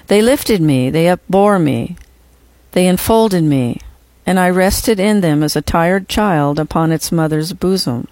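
A measured, reverent audiobook narrator reads a first-person memoir in a gentle voice. The pitch sits in the middle range. The recording is dry and close, with no room sound. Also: no room sound.

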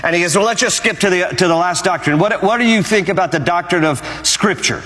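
A man's voice: high voice, fairly quick, fairly bright tone, in a large hall, voice pushed up, low-quality recording. A preacher voicing a bureaucratic male supervisor angel who asks questions in an officious, matter-of-fact way.

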